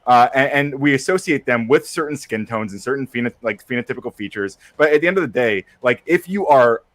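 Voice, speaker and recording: A man's voice: mid-range voice, animated, quick pace, fairly bright tone, dry recording. A man speaking as a panel guest in a live-stream discussion, thinking aloud with many fillers. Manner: thoughtful, hedging, many fillers.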